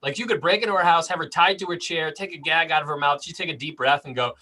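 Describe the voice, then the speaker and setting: A man's voice: a little high, fast talker, bright, forceful tone, poor audio. Dry young man doing stand-up. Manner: dry, self-deprecating delivery. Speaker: stand-up comedian. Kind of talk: stand-up set over video call.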